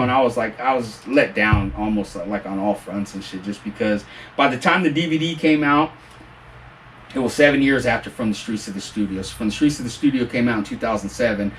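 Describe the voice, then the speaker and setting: A man from the Bay Area, a guest in a casual interview, telling animated, profanity-laced stories about his past work. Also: medium pitch, distant mic, slight background noise, rough recording. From Bay Area, California.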